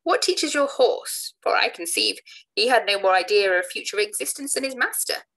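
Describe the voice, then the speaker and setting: A woman voicing an outspoken young man who fires back sharp, raised retorts. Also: mid-range voice, lively intonation, moderate pace, vocal fry, pitched above the performer's own voice, rough recording. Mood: mocking. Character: outspoken young male wit, eager to retort.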